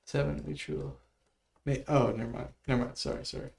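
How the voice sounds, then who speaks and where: A man's voice: medium pitch, steady tone, brisk, vocal fry, darkish tone, slight background noise. A man casually talking through music notation on a livestream, mumbling and thinking aloud as he works. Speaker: music producer streaming his work.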